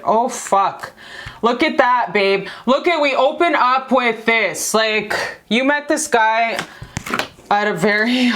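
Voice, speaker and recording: A tarot card reader with a medium-pitched, slightly bright voice gives a casual reading to camera. Her talk is slangy and profane, and she calls viewers baby and sis.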